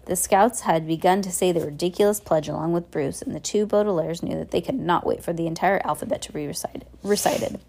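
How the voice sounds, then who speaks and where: A woman's voice: fairly low pitch, fairly quick, gravelly, few pauses, a little mellow. A woman reading a novel aloud chapter by chapter, stumbling and restarting now and then. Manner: reads with slips and restarts. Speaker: audiobook reader.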